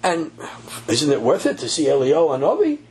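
A man telling a story in a sermon, animated and repeating phrases for emphasis. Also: fairly high pitch, a little fast, a little hiss or hum. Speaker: religious teacher.

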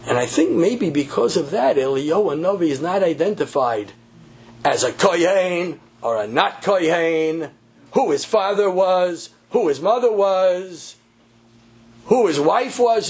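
A man telling a story in a sermon, animated and repeating phrases for emphasis. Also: high-pitched, breathy edge. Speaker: religious teacher.

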